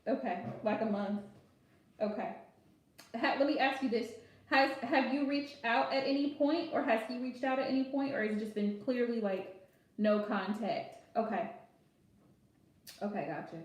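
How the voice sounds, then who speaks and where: A chatty woman with a high voice gives frank, casual advice on a live stream and laughs easily. Her voice bounces around a very echoey room. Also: moderate pace, long pauses. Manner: chatty, direct, laughs often, calls viewers pet names. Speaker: live tarot reader answering viewer questions.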